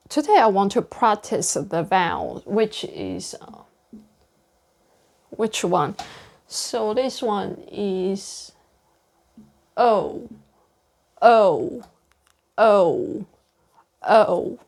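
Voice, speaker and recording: A woman who is not a native English speaker, speaking slowly and carefully on camera in a room with a whiteboard, stressing the ends of words as she practices pronunciation. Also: mid-range voice, expressive. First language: non-native English speaker. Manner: speaks slowly and deliberately, over-articulating word endings. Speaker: pronunciation learner sharing lessons. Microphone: camera close to the face.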